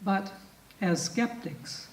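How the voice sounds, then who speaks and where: A man presents a prepared paper, speaking very slowly and deliberately and stressing single words. He recites verse between his own remarks. His voice sounds distant and echoey, as if captured from across a meeting hall. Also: sits high. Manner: measured, deliberate delivery, stressing key words. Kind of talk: read-aloud academic lecture with poetry recitation. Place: festival talk in a club meeting hall. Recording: echoey room from a distant mic.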